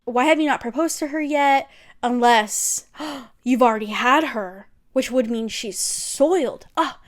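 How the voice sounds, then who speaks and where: A woman's voice: on the high side, unhurried, lightly acted. A woman putting on a sneering scheming nobleman.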